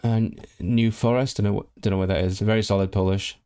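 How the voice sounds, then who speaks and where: A man's voice: on the low side, steady tone, fairly quick, warm tone, clear, resonant tone. Rambling man streaming to his chat. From Hong Kong. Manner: rambling, reads chat aloud, many restarts. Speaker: livestream host. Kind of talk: casual livestream chat.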